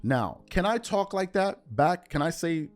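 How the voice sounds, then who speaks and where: A man's voice: fairly high pitch, big pitch swings, unhurried. Bronx male host, heated rant, repeats himself for punch, faint music under. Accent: New York (Bronx). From United States. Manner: emphatic, repetitive, rising to indignant outbursts. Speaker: show host. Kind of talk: heated commentary monologue.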